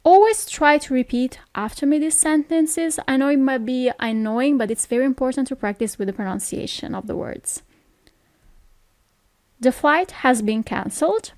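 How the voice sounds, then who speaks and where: A woman with an Italian accent, teaching phrases in a patient lesson, saying each one slowly and repeating it. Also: high voice, expressive, darkish tone, no room sound, studio quality. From Italy.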